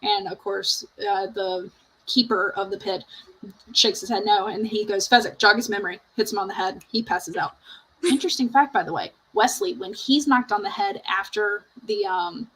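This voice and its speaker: A woman's voice: medium pitch, normal speed, a bit bright, husky, poor audio. A woman hosting a casual chat show, retelling movie scenes with lots of fillers. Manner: chatty, laughs easily. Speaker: podcast host.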